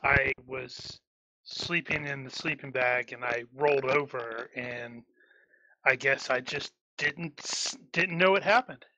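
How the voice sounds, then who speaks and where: A man's voice: mid-range voice, slow, sharp tone, no echo, low-quality recording. A man who served in the army, chatting at a tabletop game and telling wry stories. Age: adult army veteran. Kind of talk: casual game table chat.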